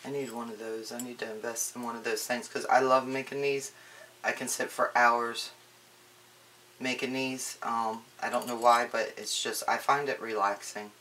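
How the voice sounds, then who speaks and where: A woman giving a casual crafting tutorial, chatty and relaxed, with frequent ums and restarts. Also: very deep voice, moderate pace, slight background noise.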